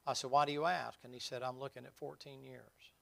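Man, middle-aged, gravelly folksy preacher who swings from quiet storytelling to loud emphasis. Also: medium pitch, level tone, fairly quick. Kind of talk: sermon with personal stories.

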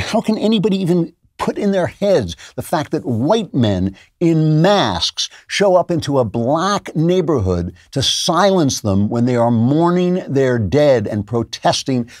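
A man's voice: medium pitch, no room sound, clean studio sound. A man hosting a political commentary show, delivering a sarcastic, incredulous monologue with laughter at the clips. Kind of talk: opinionated monologue.

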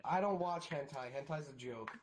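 A woman's voice: sits low, normal speed. A woman joking crudely and giggling in a group voice chat.

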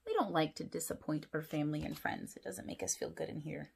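A woman's voice: low voice, fairly quick, creaky, slight background noise. A woman pastor reading a picture book aloud to children, with friendly asides and questions. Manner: animated storytelling, asides to kids.

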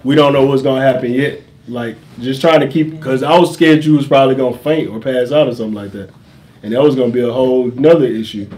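A young man talks in a relaxed, conversational way and asks questions. His pitch is ordinary and middle. Faint noise sits behind him. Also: quick pace. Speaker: vlogger, father. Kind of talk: casual storytime chat.

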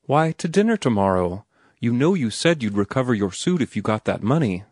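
A man's voice: medium pitch, sing-song, a little fast, a little mellow, no room sound, clean studio sound. A man voicing a prim, reproachful young woman in an audiobook, earnest and disapproving in how she questions. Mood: eager. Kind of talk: audiobook character reading.

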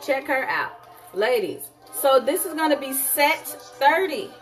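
A woman selling jewelry on a live stream, sassy and animated, calling her viewers honey. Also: high-pitched, measured pace, faint music behind. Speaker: online jewelry seller.

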